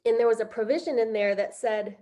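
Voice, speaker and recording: A middle-aged woman on a video call, telling a heartfelt personal story on a panel, halting with many fillers. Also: fairly high pitch, warm tone. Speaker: conference panelist.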